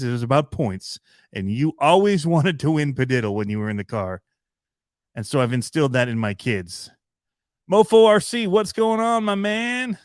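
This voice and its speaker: A man from Michigan talks through a casual livestream, wandering from one story to the next with plenty of "um"s and short chuckles. His voice is smooth and clear. The recording is dry and close, with no room sound. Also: medium pitch, dry recording. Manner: rambling, chatty, with frequent laughs and fillers. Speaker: RC hobby channel host.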